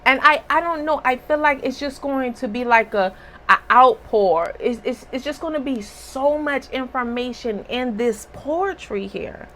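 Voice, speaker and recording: Spiritual reader, woman, slightly hoarse; slow, emphatic, preachy delivery with a bright edge. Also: sits high, a little hiss or hum, poor audio. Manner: emphatic and preachy, with rhetorical asides. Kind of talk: casual spiritual reading.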